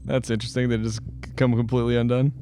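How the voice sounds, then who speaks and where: A man's voice: medium pitch, flat delivery, fast, noisy background. A man co-hosting a casual true-crime podcast, swearing freely, laughing and acting out quotes. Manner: profane, laughing, acts out quotes. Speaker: podcast co-host.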